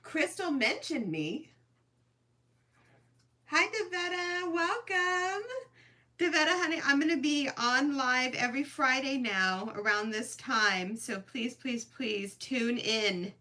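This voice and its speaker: A woman's voice: high-pitched, unhurried, pushed and bright. A middle-aged woman hosting a crochet livestream, chatting casually and emotionally, thanking viewers by name. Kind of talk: casual live-stream chat.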